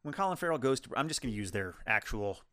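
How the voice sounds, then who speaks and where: Male co-host, mid-pitched, rambling casual film review, dry close sound. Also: sing-song, fast talker, bright, forceful tone, dry recording. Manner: rambling, restarts sentences. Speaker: podcast co-host.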